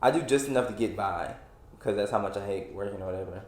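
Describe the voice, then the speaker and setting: A man's voice: on the low side, fast talker, darkish tone, reverberant. Frustrated man in his twenties, rambling. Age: 20s. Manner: rambling, frustrated, with many restarts and fillers. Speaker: podcast host. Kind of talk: casual solo podcast rant.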